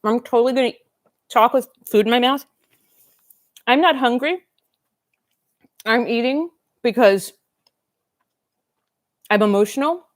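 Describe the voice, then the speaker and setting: On her doll-collecting livestream, a woman in her 50s rambles unhurriedly with long pauses, eating and reading comments aloud in a slightly high voice. The recording is dry and studio quality.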